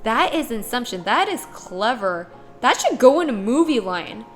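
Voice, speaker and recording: A woman streamer in casual chat, reading chat aloud and acting out little voices with a giggly, animated manner. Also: fairly high pitch, normal speed, soft background music.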